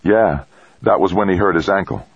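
A man voicing a steady, practical male astronaut who talks in short, terse phrases. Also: deep voice, moderate pace, slightly rough, no echo, highs cut off, pitched above the performer's own voice.

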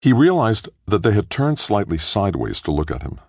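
A man narrating an audiobook in a steady, measured storytelling manner. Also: lowish voice, no echo, studio quality. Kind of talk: scripted narration.

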